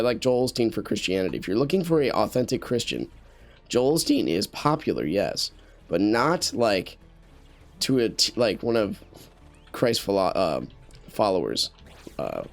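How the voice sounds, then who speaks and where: A man's voice: lowish voice, gravelly. A man giving casual commentary while playing a game, talking in an earnest, rambling way with many restarts and fillers into a USB studio microphone. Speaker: gameplay commentator.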